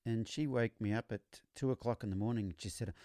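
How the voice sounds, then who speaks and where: A man hosting a podcast, explaining horse training in a relaxed storytelling way, often repeating words as he restarts. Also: lowish voice, fairly quick, dry recording, clean studio sound. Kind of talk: conversational teaching monologue.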